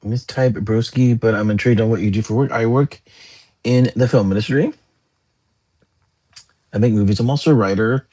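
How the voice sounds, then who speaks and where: Man, casual live chat, rambling, slightly low voice, breathy. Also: darkish tone. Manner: rambling, chatty, answers viewer questions. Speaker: livestream host.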